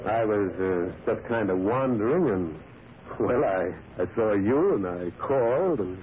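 A man's voice: on the low side, lively intonation, measured pace. An actor playing a lonely man who lives alone and tells his story in a brooding, dramatic way, in an old radio drama. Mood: nervous, friendly. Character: lonely male prospector narrating his past. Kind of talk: 1940s radio acting. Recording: tinny lo-fi old radio broadcast with faint hiss.

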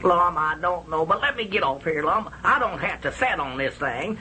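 A jittery, whiny country storekeeper. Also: male voice, a little high, lively intonation, normal speed, pushed and bright, a little hiss or hum, poor audio. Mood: insistent. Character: timid, excitable older male country storekeeper. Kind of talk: old-time radio comedy acting.

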